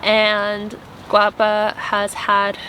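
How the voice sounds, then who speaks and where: A woman's voice: mid-range voice, completely flat delivery, very slow, pushed and bright, a little hiss or hum. A young woman vlogging casually from a tent at a campsite, earnest and rambling, full of "like" fillers. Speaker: vlogger and app founder. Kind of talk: casual spiritual vlog chat.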